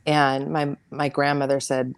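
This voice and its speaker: A middle-aged American woman, a podcast guest, telling a painful family story in an earnest, halting way, repeating words as she goes. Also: very deep voice, level tone, clean tone, no room sound. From United States. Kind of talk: emotional personal storytelling.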